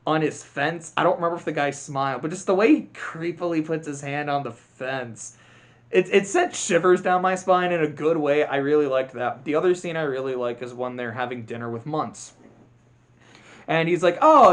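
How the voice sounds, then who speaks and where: A young man casually reviewing animated movies, rambling with sarcastic, self-deprecating asides. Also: fairly high pitch. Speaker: video essay host.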